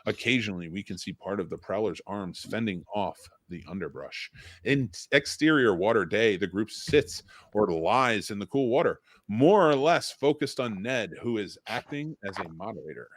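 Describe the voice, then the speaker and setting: A low-pitched man narrates stage directions on a livestream, his reading plain and steady. The sound is dry and close. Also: moderate pace, no echo. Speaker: stream host.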